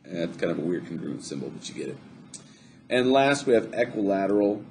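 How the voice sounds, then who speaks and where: A man's voice: low voice, big pitch swings, brisk, darkish tone, slight background noise. A man teaching a recorded math lesson, chatty and upbeat, joking to himself as he draws on screen. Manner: upbeat, chatty, jokes to himself while drawing.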